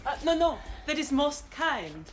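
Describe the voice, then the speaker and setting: An actress playing a firm but kind German hospital nurse, speaking broken English with a German accent. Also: female voice, sits high, very animated, measured pace, slight background noise. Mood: earnest. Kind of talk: television drama acting.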